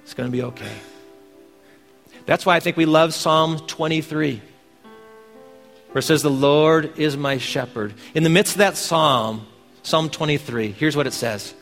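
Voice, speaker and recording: A man's voice: a little high, measured pace, fairly bright tone, big-room sound, faint music behind. A man preaching a sermon as pastor, earnest, pressing his points with emphatic questions.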